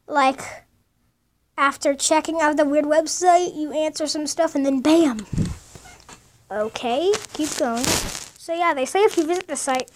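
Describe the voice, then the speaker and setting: A woman's voice: sits high, a little hiss or hum. A woman playing a horror game and commentating casually, rambling and nervous as she goes. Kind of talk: casual let's-play commentary.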